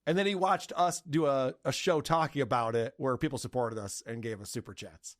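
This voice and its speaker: A man's voice: medium pitch, brisk. A man hosting a podcast, chatting casually and mocking the people he talks about in sarcastic put-on voices. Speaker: podcast host.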